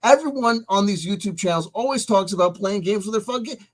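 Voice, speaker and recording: A man hosting a vlog, ranting emphatically with profanity and swinging between loud outbursts and soft asides. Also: high voice, animated, fast talker. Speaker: host.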